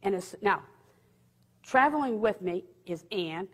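A husky-voiced woman tells a personal story with lively humor, slipping into the voices of the people in it. Her words ring out with a long reverb, as if she is speaking in a large hall. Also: mid-range voice, unhurried. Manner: lively, humorous, acts out quotes. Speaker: speaker giving a faith testimony. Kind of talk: storytelling testimony talk.

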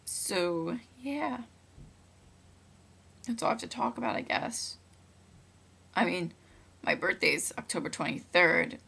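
A woman's voice: on the low side, expressive, takes it slowly, vocal fry, pauses often, sharp tone, slightly rough. A young woman vlogging at home into her laptop mic, chatty and rambling with lots of fillers and restarts. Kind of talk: casual webcam vlog. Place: room at home. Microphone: laptop built-in mic.

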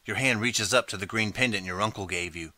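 A man reading a choose-your-path storybook aloud in the second person, steady and clear. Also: fairly low pitch, brisk, dry recording. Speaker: audiobook narrator.

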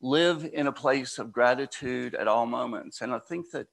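Man, mid-pitched and gravelly, relaxed inspirational speaker. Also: normal speed. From United States. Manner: conversational, storytelling asides. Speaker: spiritual speaker. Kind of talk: inspirational talk.

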